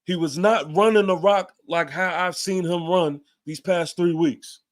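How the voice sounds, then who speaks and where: A man's voice: high voice, unhurried. A man hosting a fan show, giving a heated, emphatic post-game rant with casual swearing and repeated points.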